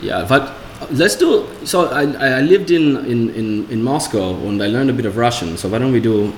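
A man's voice: mid-range voice, animated, moderate pace, roomy sound, a crowd in the background. A young man chatting casually as a guest, joking and self-deprecating. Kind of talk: casual chat.

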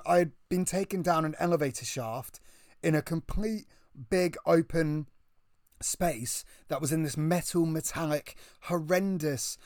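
A man with a British accent telling a story in casual chat, excitable and breathless, often restarting his sentences. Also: fairly high pitch, no echo, clean studio sound.

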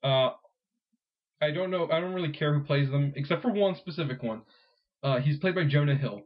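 A man's voice: fairly high pitch, fairly quick, lo-fi sound. A man co-hosting a podcast, chatting casually in a rambling, self-interrupting way and laughing often. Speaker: podcast co-host.

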